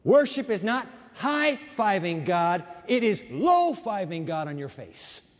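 A man preaching a sermon, reading Bible verses and breaking off into emphatic, animated asides. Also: high-pitched, slow pace. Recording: long reverb of a large hall.

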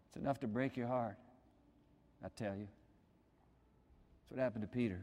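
Male preacher, high-pitched, theatrical sermon delivery in a reverberant church. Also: sing-song, takes it slowly. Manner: dramatic, swings from loud to hushed.

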